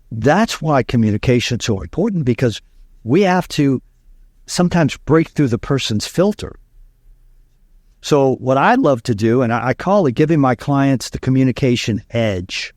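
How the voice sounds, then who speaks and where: Casting: man in middle register, lively storyteller, dry close sound. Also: medium pitch, dry recording. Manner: animated, storytelling, uses fillers. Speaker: communication coach, guest. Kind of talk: interview explanation.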